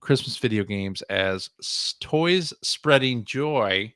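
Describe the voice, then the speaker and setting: A man hosting a podcast, talking in a loose, easygoing way with plenty of "uh"s as he sets things up. His voice sits at an ordinary middle pitch. The sound is close and dry, with no room around it. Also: animated, slow pace, pushed and bright, clean tone, dry recording. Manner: loose and chatty, with frequent fillers. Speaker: podcast host. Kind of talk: casual podcast chat.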